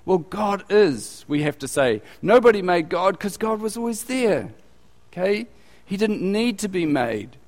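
Brief: slightly high-voiced male preacher, conversational and animated, long hall reverb. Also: a little slow. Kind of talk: sermon.

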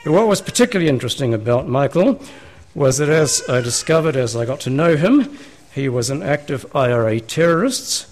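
A man's voice: medium pitch, very animated, a little fast. A man, a pastor preaching a sermon in a church, talking conversationally and asking his listeners rhetorical questions.

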